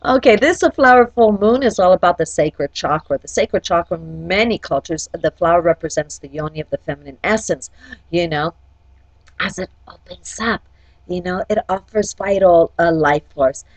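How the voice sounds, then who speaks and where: An astrology forecaster and life coach with a lowish voice talks at normal speed through a casual horoscope, speaking directly to each sign and checking in with "okay?" often. There's no room sound, but the audio is poor.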